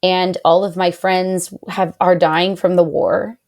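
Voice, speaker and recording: A young woman, a podcast guest and patient advocate, telling a personal story with feeling, lots of "like", and lively quoted voices. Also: fairly low pitch, slow. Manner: animated, heavy use of "like", quotes others in raised voice.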